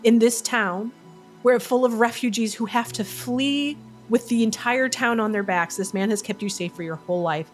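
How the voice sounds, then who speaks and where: A woman's voice: fairly high pitch, moderate pace, faint music behind. A woman running a tabletop role-playing game as game master, narrating playfully and often laughing.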